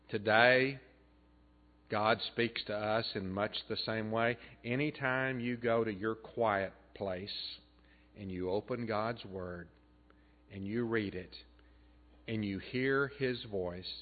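A man preaching a sermon as pastor, earnest, building up loud and then dropping soft. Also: fairly low pitch. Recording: tinny phone-like band.

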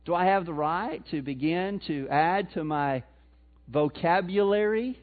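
A man preaching a sermon in a notably high voice, chatting with the congregation and throwing questions out to them. The sound is thin and tinny, like it is coming through a phone line. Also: measured pace. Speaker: pastor.

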